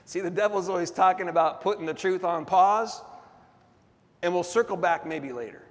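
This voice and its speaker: Male pastor, high voice, emphatic call-and-response sermon, long hall reverb. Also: normal speed, pauses often.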